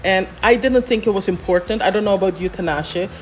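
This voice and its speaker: A woman scriptwriter explaining how to write a script in a relaxed, chatty way, often pausing on "um" and "you know". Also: mid-range voice, soft background music. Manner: chatty, many fillers, explains step by step. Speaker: scriptwriter guest. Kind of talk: explaining scriptwriting in a casual chat.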